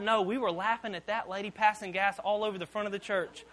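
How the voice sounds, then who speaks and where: A man with a high, bright voice preaches. He tells stories in an animated way, often restarting his sentences. His tone stays bright and forward throughout. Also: quick pace, hardly any pauses. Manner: animated storytelling with repeated restarts. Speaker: pastor. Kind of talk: sermon.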